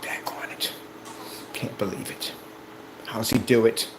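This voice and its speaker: A man's voice: on the low side, unhurried, lightly acted, rough recording. A man putting on a jealous, grumbling online critic in a whispered role-play, muttering resentfully under his breath.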